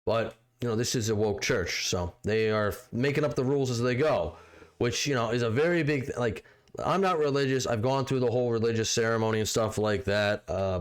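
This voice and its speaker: A man from the United States co-hosting a podcast, chatting casually about politics, rambling and hedging as he goes. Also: medium pitch. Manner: rambling, hedging with "you know" and "like". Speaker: podcast co-host.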